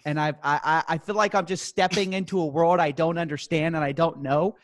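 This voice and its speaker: A young man hosting a comedic podcast chat, talking fast and joking. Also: fairly high pitch, steady tone, no echo, clean studio sound. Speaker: podcast host.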